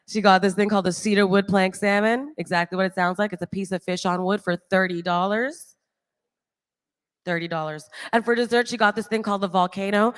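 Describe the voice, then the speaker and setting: A woman in her late thirties performs stand-up on a large hall stage. She talks in a chatty, animated way, tossing out asides and laughing at her own punchlines. Her mid-range voice carries a long hall reverb through the stage mic. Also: mid-range voice. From Toronto, Canada. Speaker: stand-up comedian. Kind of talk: live stand-up set.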